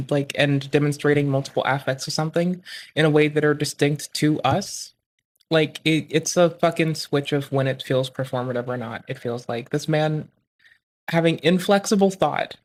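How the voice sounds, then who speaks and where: A streamer reacting to a clip live, rambling and swearing with many fillers. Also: mid-range voice. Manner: rambling, profane, lots of fillers.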